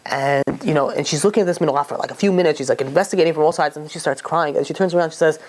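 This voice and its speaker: A man preaching as a rabbi, telling a story at a brisk clip. He acts out the people in the tale as he goes. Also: a little high. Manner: animated storyteller who acts out quoted voices. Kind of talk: storytelling sermon.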